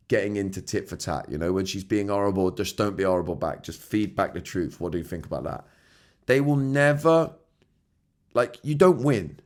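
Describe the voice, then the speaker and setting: A man with a fairly low voice gives a casual solo podcast monologue. He talks in a candid, loose way, drops in the odd swear word and keeps asking "right?" and "yeah?". The delivery is conversational and unscripted. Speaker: podcast host.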